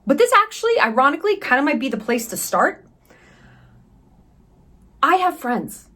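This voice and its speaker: A woman in her thirties chats to her viewers in a casual travel vlog. Her voice sits a little high, and she talks candidly, sarcastically, with a habit of swearing and tossing in quick asides. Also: sing-song, bright, forceful tone. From United States. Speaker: vlogger.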